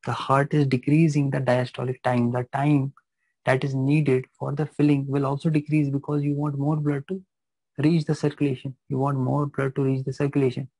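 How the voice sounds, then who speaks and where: Gravelly, flat-voiced male physiology teacher. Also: medium pitch, normal speed, no room sound, poor audio. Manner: repeats phrases, checks understanding with questions. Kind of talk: live classroom lecture. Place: classroom.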